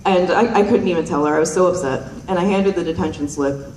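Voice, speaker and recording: A woman's voice: on the low side, quick pace, darkish tone, a little hiss or hum. Giggly young woman doing stand-up in a roomy hall. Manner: rambling, self-deprecating, full of ums and giggles. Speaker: stand-up comedian. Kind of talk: stand-up storytelling. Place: stage at a performance night. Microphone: handheld stage microphone. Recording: roomy hall mic heard from a distance.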